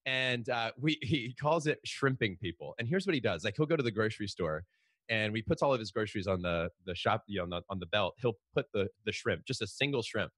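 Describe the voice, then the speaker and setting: Middle-aged male guest, quick animated storyteller, dry close sound. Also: fairly low pitch, slightly rough, dry recording. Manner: fast, animated storytelling with frequent restarts. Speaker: guest, author. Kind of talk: storytelling in a podcast interview.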